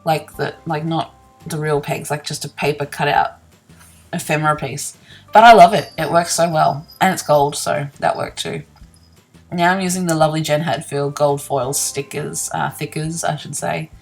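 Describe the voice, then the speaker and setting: Early in the morning, a sleepy woman narrates her scrapbooking process for her vlog in a low, creaky voice with fairly even intonation and normal speed. She's chatty and self-deprecating, laughs often, and yawns, with faint music behind her.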